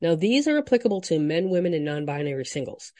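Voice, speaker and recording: A woman hosting a solo dating podcast, reacting with frank, profane indignation and swinging between quiet emphasis and loud outbursts. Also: deep voice, sing-song, fast talker, no echo. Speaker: dating coach podcast host.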